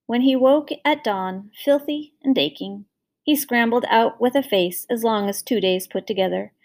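A woman narrating a storybook fairy tale in an expressive, measured reading. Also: a little high.

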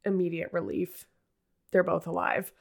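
A woman's voice: on the low side, level tone, normal speed, vocal fry. A woman in casual chat retelling scenes from a TV episode, full of "like" fillers and quoted lines.

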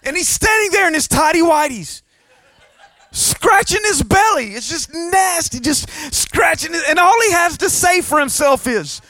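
A man's voice: very high voice, expressive, a little slow, pushed and bright, dry recording. A middle-aged man, preaching a sermon with humorous stories and calls to the congregation for a response.

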